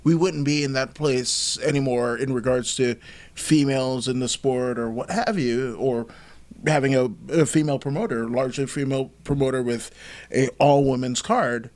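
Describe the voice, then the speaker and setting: Halting male podcast host. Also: mid-range voice, a little mellow. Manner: halting, restarts often. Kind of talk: casual interview.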